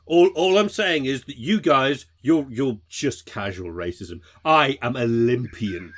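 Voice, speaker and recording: Male podcast co-host, bright and animated, jokey riffing with stammers and laughs. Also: mid-range voice, measured pace. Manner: riffing, laughing, stammering into silly put-on voices. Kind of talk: casual comedic chat.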